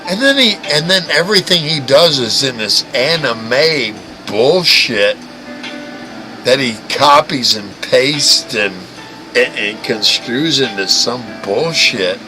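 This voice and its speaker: A man's voice: medium pitch, expressive, takes it slowly, low-quality recording. A man hosting a livestream, ranting and mocking in a crude, profane way, often stammering and restarting. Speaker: livestream host. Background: music playing.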